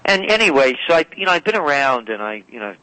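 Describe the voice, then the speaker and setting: A man's voice: medium pitch, sing-song, fast talker, bright, forceful tone, clear, resonant tone, dry recording, rough recording. A man as a radio guest, telling long rambling anecdotes and often correcting himself. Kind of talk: storytelling interview talk. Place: radio call-in or studio.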